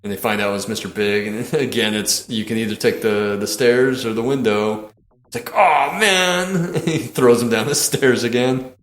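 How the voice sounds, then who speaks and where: A man's voice: fairly low pitch, fairly even intonation, moderate pace, reverberant. A man hosting a podcast, casually and animatedly retelling comedy film scenes, laughing often and swearing. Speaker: podcast host.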